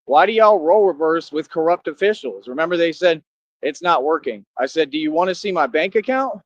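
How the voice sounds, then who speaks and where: A man's voice: a little high, expressive, fairly quick, no echo. A young man in a boastful, confrontational monologue to the camera, full of slang and rhetorical questions. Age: young adult. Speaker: vlogger. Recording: dull lo-fi sound.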